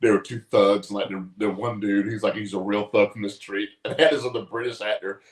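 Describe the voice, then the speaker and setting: A man co-hosting a casual chat show, telling animated stories and swearing freely. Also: lowish voice, brisk, roomy sound. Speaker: co-host.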